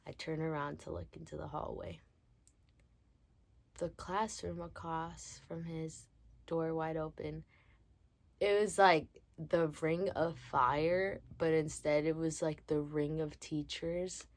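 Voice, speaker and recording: A woman's voice: sits low, steady tone, gravelly. A teenage girl casually telling a story on her vlog in a chatty, slangy way. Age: teens. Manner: chatty, slangy, drawn-out delivery. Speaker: vlogger.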